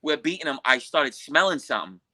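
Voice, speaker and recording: A man from Queens, telling a story as a podcast guest in a profane, animated way and acting out what others said. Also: on the high side, a little fast. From Queens, New York. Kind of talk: casual storytelling.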